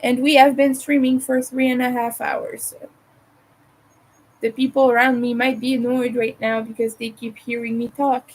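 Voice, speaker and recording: A woman's voice: on the high side, flat delivery, normal speed, poor audio. A woman from Montreal with a Montreal English accent, hosting a casual crochet livestream from home, rambling and thinking aloud as she works. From Montreal, Canada. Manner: rambling, chatty, thinks aloud while crafting.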